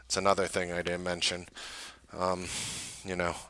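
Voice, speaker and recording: Bright-voiced man telling a rambling story. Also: low voice, normal speed, clear, resonant tone, no room sound. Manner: rambling, filler-heavy anecdote with animated quoted voices. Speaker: show host. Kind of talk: casual storytelling. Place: Manhattan.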